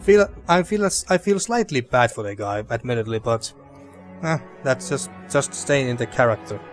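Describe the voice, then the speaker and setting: A man's voice: medium pitch, expressive, moderate pace, soft background music. A man giving casual gameplay commentary, thinking aloud in a hesitant way with fillers. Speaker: let's play host.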